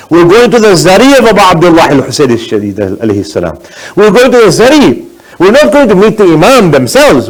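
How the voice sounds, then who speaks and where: Man, sheikh, sermon, high-pitched, earnest exhortation, arabic religious phrases. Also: poor audio. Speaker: sheikh giving a religious talk.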